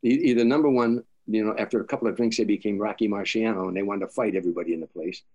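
An older man with a fairly low voice, telling stories as an interview guest. He acts out the lines of the people he quotes and often stammers and restarts his sentences. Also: steady tone, rapid-fire, dark tone, muffled recording. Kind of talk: storytelling interview.

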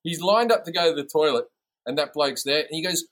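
An Australian man spins swearing-heavy anecdotes in a loose podcast chat. His voice sits a little high, and he jumps into quick impressions of the people in his stories. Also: slight background noise, poor audio. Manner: swearing, animated storyteller who imitates people. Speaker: comedian podcast guest. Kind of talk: casual storytelling chat.

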